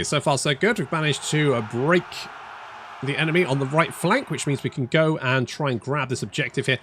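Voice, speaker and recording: A man's voice: medium pitch, fairly bright tone, a little hiss or hum. A man giving casual commentary while playing a strategy game, thinking aloud, restarting phrases, swearing freely and making dry jokes at his own expense. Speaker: strategy game let's player.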